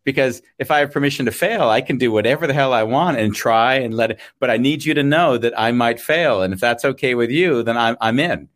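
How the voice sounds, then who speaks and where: A man's voice: mid-range voice, a little fast, hardly any pauses, a bit bright. Enthusiastic man co-hosting a chat. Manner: enthusiastic, relates guest's story to his own. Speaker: co-host. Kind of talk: casual chat.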